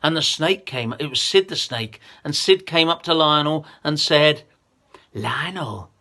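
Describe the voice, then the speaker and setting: A man's voice: on the high side, moderate pace, bright, forceful tone. A man telling a children's story with a lion puppet, in a playful, coaxing way.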